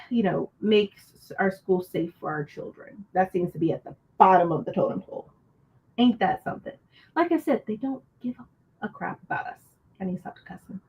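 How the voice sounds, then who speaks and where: A book channel host on a casual livestream reads her live chat and launches into a frustrated rant, swearing freely. Her medium-pitched voice comes through on dull audio.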